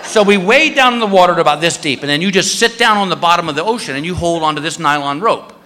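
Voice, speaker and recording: A male stand-up comedian telling a story in an animated way, shouting sound effects. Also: on the high side, fast talker, slight background noise. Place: comedy stage before a live audience. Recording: live hall reverb, faint ambience.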